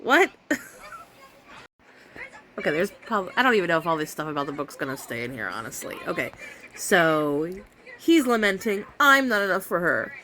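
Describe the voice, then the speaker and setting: A woman's voice: deep voice, big pitch swings, moderate pace, long pauses, a bit bright, slight background noise. A woman vlogging at home, chatting casually to camera about a book she dislikes, sarcastic and exasperated, laughing often.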